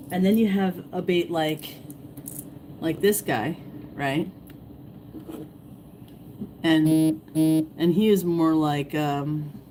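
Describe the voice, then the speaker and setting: A woman hosting a casual fishing livestream, rambling and repeating herself, her voice going hoarse as she greets viewers. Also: low voice, darkish tone, slight background noise, poor audio. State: losing her voice, clearing throat. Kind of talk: casual live-stream chat.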